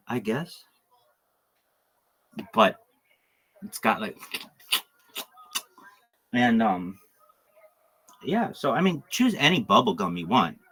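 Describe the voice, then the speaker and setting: A man rambles through a livestream monologue, dropping crude jokes and wandering off on asides. His voice is bright and a little husky, and his pitch swings widely as he talks.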